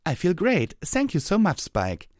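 A man's voice: high voice, wildly swooping pitch, measured pace, no room sound, studio quality, pitched above the performer's own voice, exaggerated voice. A man voicing an earnest, loyal young female unicorn in a storybook reading. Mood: elated. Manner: eager, emotional.

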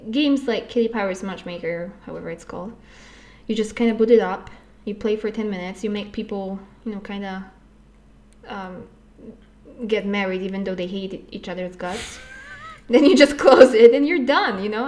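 Woman, casual chat, guest, mid-pitched voice, swears a lot, jokey and self-mocking. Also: moderate pace, darkish tone. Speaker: podcast guest.

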